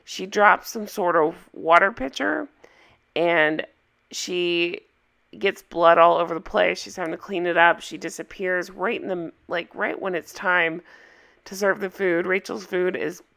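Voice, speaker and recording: A woman recaps a reality series in a casual, opinionated way. Her voice is hoarse from a cold, gravelly with fry and pitched a bit low. She keeps inviting her viewers to weigh in. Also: a little slow, fairly bright tone. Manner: chatty, opinionated, asks viewers for comments.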